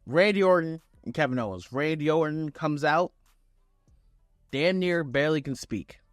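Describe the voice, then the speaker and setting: A young man giving a casual, excited wrestling show recap, acting out quotes with loose swearing. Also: on the high side, moderate pace, no room sound, studio quality, soft background music.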